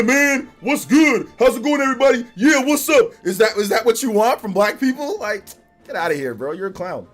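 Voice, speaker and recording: A male streamer talking off the cuff to his live chat, his voice sitting a little higher than most men's. He is emphatic and repetitive, circling back over the same point, with plenty of slang and frequent laughter. Faint music plays underneath. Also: a bit bright. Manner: rambling and emphatic, repeats himself often; slangy, says "you know what I'm saying" and "bro". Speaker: live streamer reacting to a game trailer.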